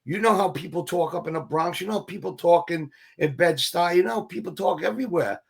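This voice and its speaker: With a high, creaky, husky voice and a slightly fast delivery, a middle-aged actor shares stories as an interview guest. He is animated, curses casually, and performs the voices of those he quotes.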